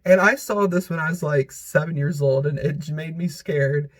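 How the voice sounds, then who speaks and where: A vlogger with a somewhat high-pitched male voice rambles through a countdown, giggling often. His talk is loose and filled with filler words, with a casual, unscripted feel. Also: normal speed.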